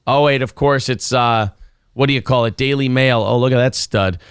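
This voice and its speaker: A man's voice: medium pitch, moderate pace, clear, resonant tone, no echo, studio quality. A man hosting a streamed morning talk show, riffing sarcastically and laughing often.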